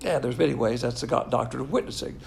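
Male preacher, casual sermon, gravelly voice, faint noise behind. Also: medium pitch, quick pace. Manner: animated, jokey, mimics imagined people in quoted voices.

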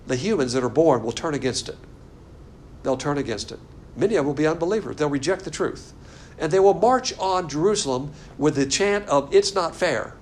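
A man teaching a Bible class in a room, lecturing in a sarcastic, animated and argumentative way. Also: fairly high pitch, fairly quick, a little hiss or hum.

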